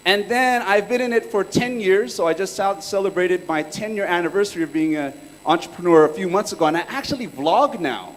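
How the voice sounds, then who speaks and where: High-voiced laid-back man in a reverberant hall. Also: a little fast. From California. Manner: laid-back, chatty storytelling with slang. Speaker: workshop speaker. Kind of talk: casual live presentation.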